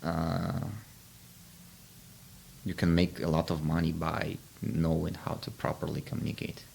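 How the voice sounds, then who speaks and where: A man's voice: very deep voice, flat delivery, a little slow, creaky, a little mellow, a little hiss or hum. A man hosting a podcast interview, explaining ideas in a reflective, casual way with frequent restarts. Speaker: podcast host.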